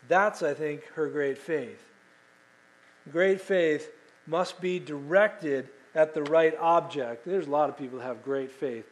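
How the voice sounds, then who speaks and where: Brief: middle-aged male pastor, high voice, lively preaching style, asks the room questions. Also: rough recording. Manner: animated, asks the congregation questions; acts out quoted voices. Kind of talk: sermon.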